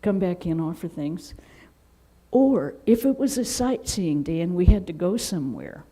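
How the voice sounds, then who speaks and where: Husky, mellow-voiced woman telling stories. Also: fairly low pitch, normal speed, rough recording. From Seattle, United States. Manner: animated, with laughter and acted-out quotes. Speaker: Vedanta nun. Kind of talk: anecdotal storytelling in an interview.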